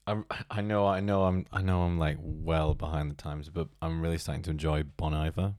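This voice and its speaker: A man's voice: a bass voice, flat delivery, a little fast, a little mellow, no room sound. A man in his late twenties co-hosting a podcast, chatting casually and teasing with dry humor. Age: 20s. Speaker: podcast co-host.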